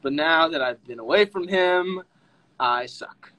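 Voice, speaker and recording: Slow-talking excitable young man. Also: on the high side, rough recording. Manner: excitable, bursts into squeals and laughter. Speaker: livestream host talking with fans. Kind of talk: casual livestream chat. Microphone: phone.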